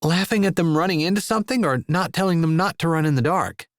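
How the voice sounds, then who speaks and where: Wry, teasing young woman, lifted pitch, voiced by a male narrator. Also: fast talker, no room sound, close to an everyday voice. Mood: dry. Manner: dry, teasing.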